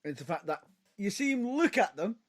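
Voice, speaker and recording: A man co-hosting a podcast in casual chat, animated and prone to stumbling and restarting mid-sentence. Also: high-pitched, brisk. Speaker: podcast co-host.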